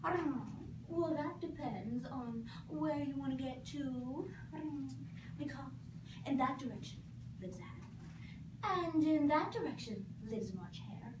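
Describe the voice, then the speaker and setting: A young woman voicing a lazy, mysterious Cheshire cat who drawls with sly pauses. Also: high-pitched. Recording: echoey room from far off, noisy.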